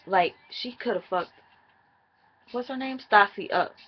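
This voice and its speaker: A woman's voice: medium pitch, unhurried, highs cut off. A woman chatting casually and profanely as she recaps a reality show for her viewers.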